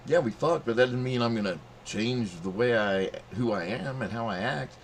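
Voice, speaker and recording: A man's voice: medium pitch, normal speed, a little hiss or hum. A middle-aged man telling a rambling, profane story in casual monologue, acting out quotes in a raised voice. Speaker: channel host telling a story.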